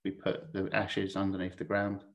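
A low-pitched man tells a personal story as a podcast guest. He talks candidly and casually, swearing freely and often restarting his sentences. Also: completely flat delivery, moderate pace.

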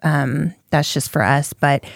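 A woman co-hosting a podcast, with a lowish voice and an easygoing delivery. The sound is dry and close, with no room around it. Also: slow pace, creaky, no room sound. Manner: relaxed and conversational, with frequent fillers. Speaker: podcast co-host. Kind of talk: casual chat.

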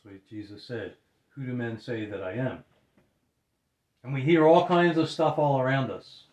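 An earnest male preacher delivers a sermon at a measured pace, his voice sitting in a middle register. He drops to a hush when he quotes scripture. The sound is roomy, with a clear echo around him. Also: mid-range voice, fairly even intonation, lo-fi sound. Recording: roomy echoing hall.

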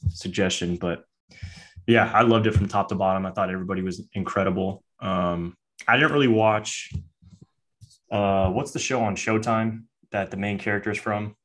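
Laid-back low-voiced man chatting. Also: normal speed, fairly bright tone. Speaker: podcast co-host. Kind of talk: casual chat.

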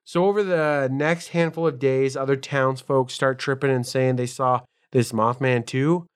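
A man co-hosting a podcast, reading notes aloud and riffing in casual, profane, excitable chat. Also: mid-range voice, moderate pace, clean tone. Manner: swearing, excitable, ramps up when telling stories. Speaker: podcast co-host.

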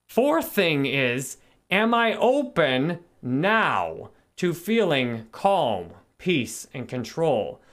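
Brief: man in his thirties, live stream host, reflective self-help talk, voice a touch high. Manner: calm, reflective, greets viewers by name between points.

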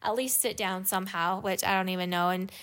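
A woman's voice: mid-range voice, steady tone, a bit bright. A woman in her thirties, an adoptive mother, telling a family story in a rambling, casual way with lots of "like". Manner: rambling, heavy use of "like", quick asides. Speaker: adoptive mother and podcast guest.

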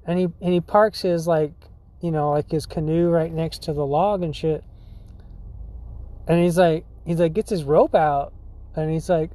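High, mellow-voiced man, rambling laid-back podcast host, cusses a lot. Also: moderate pace. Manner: rambling, full of likes, dudes and swearing; laughs often. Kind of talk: casual storytelling.

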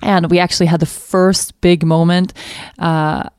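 A woman's voice: fairly low pitch, level tone, a little slow, darkish tone, clear, resonant tone, no echo, studio quality. A woman hosting her own podcast, talking candidly and thoughtfully in a casual way, often restarting her sentences. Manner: casual, occasional swearing. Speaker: podcast host. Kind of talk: reflective solo podcast talk.

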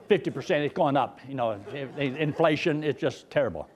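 A man's voice: on the high side, a little fast, few pauses. A male pastor, preaching a sermon in a folksy, joking storyteller's way.

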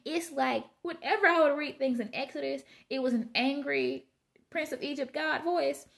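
With a high, creaky voice, lively intonation, and moderate pace, a woman reads from the Bible for her vlog and follows each passage with relaxed, conversational reflections.

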